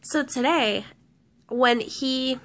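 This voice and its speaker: A woman's voice: high-pitched, drawn-out words, fairly bright tone. A woman vlogger telling a story casually, rambling with lots of restarts and fillers.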